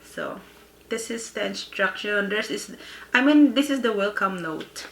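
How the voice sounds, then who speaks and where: A woman vlogger with a slight lisp from wearing aligners, reviewing a product in a casual sit-down video at home. She talks haltingly, with many pauses and fillers. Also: mid-range voice, animated, a bit bright, a little hiss or hum. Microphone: phone camera. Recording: echoey room.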